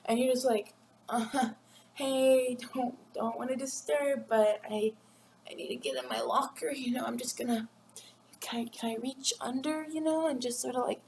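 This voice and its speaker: A woman's voice: high-pitched, fairly even intonation, slight background noise. Giggly teen girl vlogger, echoey room. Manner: rambling, giggly, acts out classmates in quick voices. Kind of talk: casual chat to camera. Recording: echoey room with faint ambience.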